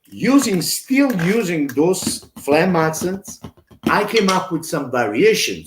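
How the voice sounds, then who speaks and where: A man's voice: a little high, big pitch swings, unhurried. A man teaching drums live, chatting with viewers and singing the patterns aloud. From Italy. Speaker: drum teacher. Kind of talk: live-streamed drum lesson. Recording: echoey room with faint noise.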